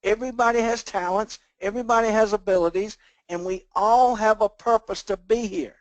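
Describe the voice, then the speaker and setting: High-voiced man giving a motivational pep talk. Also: fairly even intonation, a little fast, dry recording, dull audio. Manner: preachy, repetitive, folksy motivational delivery. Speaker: team leader on a sales call. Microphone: phone or conference call line.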